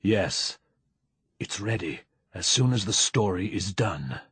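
A composed, formal male diplomat, voiced by a male narrator, measured and even. His voice is low and husky, recorded dry and close for a story reading. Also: no echo, exaggerated voice. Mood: coldly insistent. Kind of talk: audiobook character voice.

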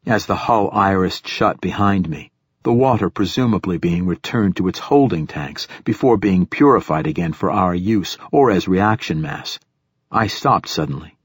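A man narrating a first-person audiobook in a measured, even way. His voice is low and a little husky. The recording is close and dry, with no room sound. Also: no echo.

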